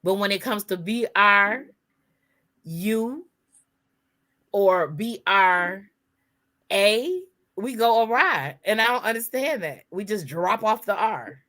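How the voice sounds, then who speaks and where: A woman's voice: mid-range voice, animated, slow, pauses often, pushed and bright. A woman co-hosting a casual podcast chat, emphatic and spelling words out letter by letter. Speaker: podcast co-host.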